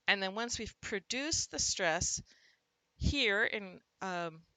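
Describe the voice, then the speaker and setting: Bright-voiced woman explaining reading lessons. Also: medium pitch, animated, takes it slowly, no echo, poor audio. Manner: demonstrates stress by punching out syllables, loud on examples. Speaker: literacy teacher. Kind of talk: instructional talk to teachers.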